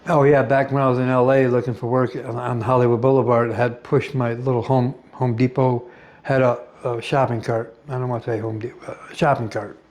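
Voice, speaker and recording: A middle-aged American man in a rambling personal monologue, blunt and profane, pausing often with fillers. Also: medium pitch, flat delivery, darkish tone. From United States. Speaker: vlogger.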